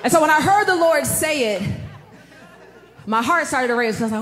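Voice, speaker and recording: A woman preaching a sermon, telling a personal story with animated delivery and calling the audience y'all. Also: high-pitched, normal speed, long pauses, reverberant, a faint crowd.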